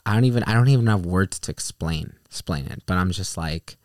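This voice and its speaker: Deep-voiced young man telling a story. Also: animated, a little fast, no room sound, studio quality. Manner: candid storytelling, filler-heavy with many restarts. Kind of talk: casual chat.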